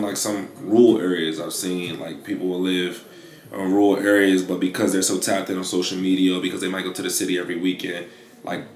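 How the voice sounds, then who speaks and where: Low-pitched and recorded in an echoey room, this twenty-something vlogger chats about the clothing brand he's building. He's laid-back and slangy, using plenty of fillers.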